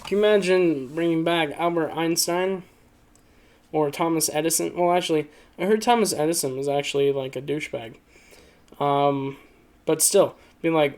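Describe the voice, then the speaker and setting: Brief: a man with a slightly high voice, loose joking commentary, full of fillers. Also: normal speed, darkish tone. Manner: rambling, joking, lots of fillers and laughs. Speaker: video creator. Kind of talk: casual commentary reading online posts.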